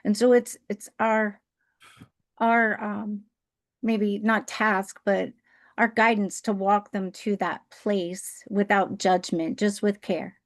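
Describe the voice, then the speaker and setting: A woman's voice: mid-range voice, little pitch movement, slow pace. A woman on a team video call, speaking earnestly and thoughtfully. She thinks aloud, leaning on ums and "right?" as she shares a personal lesson. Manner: earnest, thoughtful, uses many fillers and "right?". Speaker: team member on a training call. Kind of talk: sharing a personal reflection on a group call.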